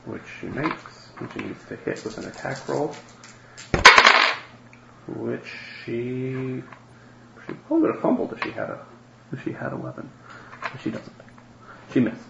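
A man running a tabletop game as game master, halting with many ums and restarts. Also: mid-range voice, gravelly. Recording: echoey room, dull lo-fi sound, faint noise.

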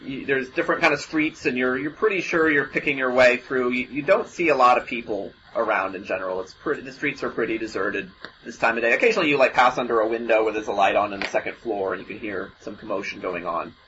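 A man running a tabletop game as game master, narrating in a halting way with many restarts. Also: medium pitch, pushed and bright. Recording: dull lo-fi mic, faint noise.

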